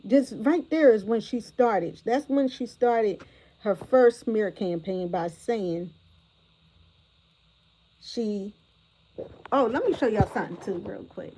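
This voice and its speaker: A woman at mid pitch hosts a livestream reaction commentary. She is animated and exclamatory and keeps addressing her viewers directly. She is picked up by a phone or tablet mic. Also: slow pace, long pauses, a little hiss or hum, low-quality recording. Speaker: commentary host.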